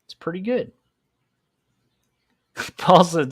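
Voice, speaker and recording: A man's voice: sits high, slow pace, husky, dry recording, studio quality. A man hosting a casual livestream while drawing, rambling and joking at his own expense. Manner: joking, rambling, self-mocking. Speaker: livestream host, comic artist.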